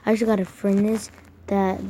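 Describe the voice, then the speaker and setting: Woman chatting quietly over a mobile game at home, rambly, background hiss and clicks. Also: mid-range voice, level tone, moderate pace. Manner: rambling, self-correcting, talking quietly. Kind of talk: casual gameplay commentary. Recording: noisy home recording with clicks.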